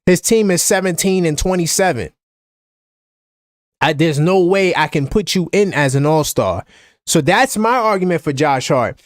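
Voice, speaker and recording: A man with a New York accent hosting a live-stream basketball chat, animated and opinionated, often repeating himself. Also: a little high, dry recording, clean studio sound. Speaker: basketball fan show host.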